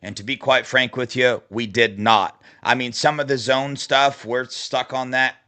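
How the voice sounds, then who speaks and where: A man co-hosting a sports podcast in a loose, rambling way. His voice is bright and forceful, and he talks excitedly about a game he attended, restarting sentences as he goes. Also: mid-range voice, measured pace. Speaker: podcast co-host. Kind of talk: casual sports chat.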